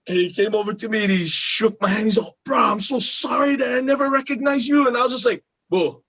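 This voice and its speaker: A man's voice: sits high, moderate pace. A man, an actor at a film reunion panel, telling a casual story and acting out the voices of the people in it. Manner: animated, acts out voices in anecdotes.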